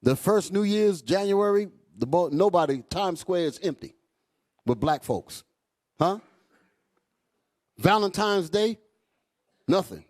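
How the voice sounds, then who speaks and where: Animated preaching man, wildly swinging voice. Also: slow pace, long pauses. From United States. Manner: loud, animated, swings high and low, profane, asks crowd "y'all all right?". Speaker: bishop preaching to a congregation. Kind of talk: fiery street-preaching sermon.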